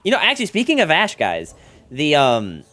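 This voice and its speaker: A man's voice: on the high side, huge pitch swings, normal speed, sharp tone. An American man casually commentating his gameplay on stream, chatty and playful, joking with his chat.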